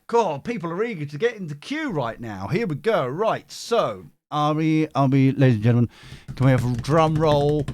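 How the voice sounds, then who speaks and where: A man's voice: a little high, animated, moderate pace, a little mellow, slight background noise. A man hosting a tarot livestream, bantering playfully with his chat.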